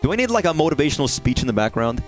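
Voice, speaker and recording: Animated, swearing gaming streamer man. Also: a little high, rapid-fire, faint music behind. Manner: rambling, profane, animated. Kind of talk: casual gameplay livestream chat.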